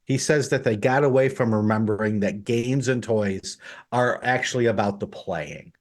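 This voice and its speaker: A man hosting a tabletop gaming podcast, chatting casually and getting animated when incredulous. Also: on the low side, moderate pace. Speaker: podcast host.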